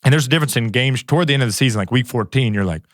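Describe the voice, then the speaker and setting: A man's voice: mid-range voice, very fast, no room sound, clean studio sound. A man in his thirties, a guest on a podcast, telling stories in a casual way and acting out what others said. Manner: animated, quotes others in lively asides. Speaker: guest, former pro football player. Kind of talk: casual storytelling.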